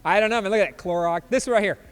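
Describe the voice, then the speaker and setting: A man in his fifties hosts a casual podcast. His voice sits high, and he keeps chuckling as he reacts to memes. A long reverb hangs on his voice, with faint music underneath. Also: very fast, smooth. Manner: chuckling, loose and joking. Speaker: podcast host.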